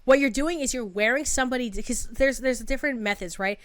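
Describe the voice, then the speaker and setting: A woman's voice: fairly high pitch, a little fast, no room sound. A woman hosting a commentary channel, reading messages aloud and explaining her take with lots of likes and restarts.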